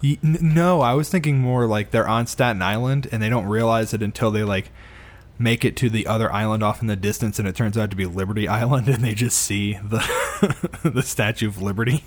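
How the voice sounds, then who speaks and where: A man's voice: lowish voice, a little fast. A man co-hosting a podcast who riffs through casual comedic chat, playful and profane.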